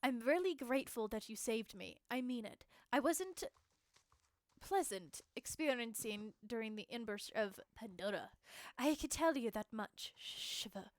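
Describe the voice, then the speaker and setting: A woman's voice: a little high, animated, a little slow, no echo. A woman streamer reading aloud the lines of a shaken but determined young woman rider from a game, putting on an accent. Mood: grateful. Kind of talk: dramatic game dialogue read-aloud.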